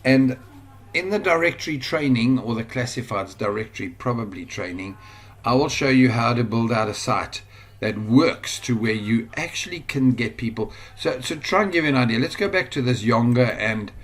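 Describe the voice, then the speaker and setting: A man with a South African accent giving a casual screen-share tutorial on online business, rambling and thinking aloud with excitable bursts. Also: medium pitch, normal speed.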